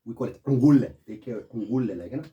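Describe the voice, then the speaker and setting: A man's voice: mid-range voice, fast talker, highs cut off. A middle-aged man talking in a rambling, digressive monologue, often calling the listener "my friend". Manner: animated, keeps saying "my friend", digressive.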